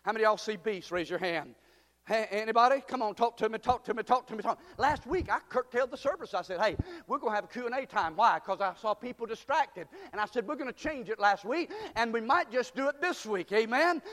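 A fervent preacher with a very high voice, his words ringing through a church with a long hall reverb. He drives the sermon hard and swells into shouts. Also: animated, fairly quick. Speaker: pastor. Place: church sanctuary. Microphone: church PA microphone.

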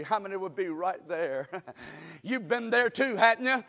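A man preaching a sermon, calling out to the congregation and building up to shouts. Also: sits high, expressive, unhurried, gravelly. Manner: call-and-response preaching, rising to shouts. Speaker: pastor. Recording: hall reverb.

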